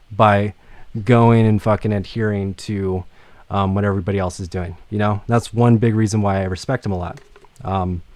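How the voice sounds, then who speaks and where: Man, music production teacher, casual livestream lecture, rambling, lots of fillers, low voice, dry sound. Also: a little mellow, dry recording. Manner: rambling, many fillers and profanity.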